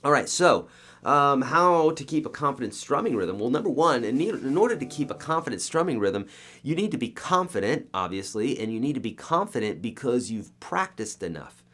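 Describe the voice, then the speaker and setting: A man's voice: medium pitch, big pitch swings, moderate pace, fairly bright tone. A man teaching a beginner guitar lesson, coaching emphatically and counting beats aloud as he strums. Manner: coaching, emphatic, repeats okay and right.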